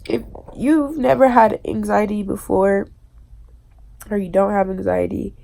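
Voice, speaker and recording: A woman crying as she talks alone to her own camera, in a halting, hesitant confession broken by nervous laughs and swearing. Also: medium pitch, fairly even intonation, creaky, mellow. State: tearful, crying. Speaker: vlogger. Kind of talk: confessional self-recorded monologue. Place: alone indoors. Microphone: self-filmed camera.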